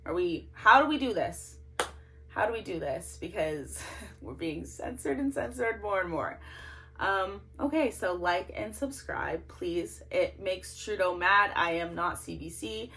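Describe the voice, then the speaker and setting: A woman's voice: on the low side, expressive, a little slow, vocal fry, a bit bright. Indignant woman ranting to camera. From Canada. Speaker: political vlogger. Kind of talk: emotional monologue to camera. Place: small closet at home. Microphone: no microphone, camera's built-in mic.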